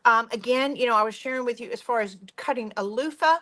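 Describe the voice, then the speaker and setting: A woman's voice: fairly high pitch, fast, bright, forceful tone. Woman hosting a live soap-making demo, bubbly and talkative. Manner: chatty, enthusiastic, gushing. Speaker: workshop host. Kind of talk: live product demonstration.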